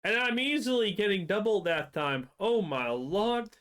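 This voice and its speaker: A man reacting to a video on stream, mocking and profane, his voice jumping up when excited. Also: high voice, measured pace, clean tone. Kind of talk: casual reaction commentary.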